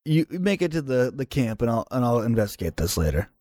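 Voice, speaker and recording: A man's voice: medium pitch, big pitch swings, fairly quick, dark tone, dry recording, studio quality. A young man playing a tabletop game, blunt and casually swearing. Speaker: regular player.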